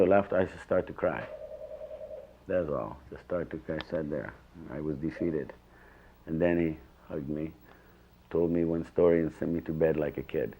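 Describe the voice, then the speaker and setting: An older man with a deep, low-pitched voice tells memories in an interview. He talks in an earnest, rambling way, circling back and pressing his points with emphasis. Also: a little mellow. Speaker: devotee recalling his teacher. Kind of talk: reminiscing interview.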